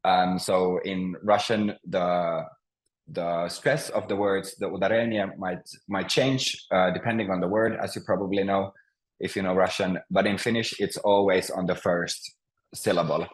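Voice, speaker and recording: A man teaching a language class over a video call, speaking patiently with many pauses and restarts. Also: low voice, steady tone, rough recording. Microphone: computer mic on a video call.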